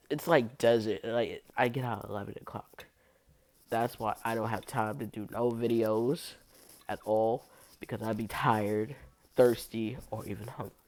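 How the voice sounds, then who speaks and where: A young man, sick at the moment, tells a meandering story straight to his own channel. His talk is loose and casual, full of "like" fillers and restarts, at a middle pitch for a man. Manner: loose and rambling, heavy use of "like". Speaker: vlogger.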